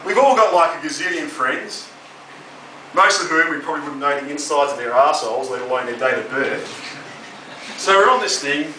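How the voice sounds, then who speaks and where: Brash Australian stand-up comic in a club. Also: male voice, fairly high pitch, expressive, a little fast. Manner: crude, brash and sardonic. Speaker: stand-up comedian. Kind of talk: stand-up comedy set. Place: comedy club stage. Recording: roomy, distant live club recording with audience noise.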